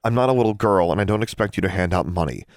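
A man's voice: low voice, expressive, racing, dry recording, studio quality, pitched above the performer's own voice. A man voicing a determined, pressing teenage girl witch in an audiobook. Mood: urgent.

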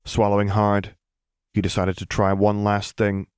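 A man narrating fan fiction in an even, measured reading. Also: fairly low pitch, smooth, dry recording, studio quality. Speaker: audiobook narrator.

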